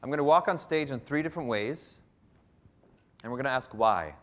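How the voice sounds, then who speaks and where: A man from Canada, teaching public speaking to a live audience in an animated, hands-on workshop. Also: medium pitch, brisk.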